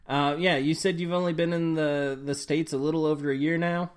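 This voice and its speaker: A man's voice: a little high, steady tone, normal speed, clear, resonant tone. A man hosting a casual podcast interview, introducing his guest and asking questions in a friendly, chatty way. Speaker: podcast host.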